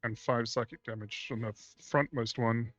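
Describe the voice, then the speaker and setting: A man playing a tabletop game, wry and quick to laugh at his own jokes. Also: mid-range voice, steady tone, fairly bright tone, no echo. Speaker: player. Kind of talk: casual tabletop play. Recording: dull lo-fi stream audio.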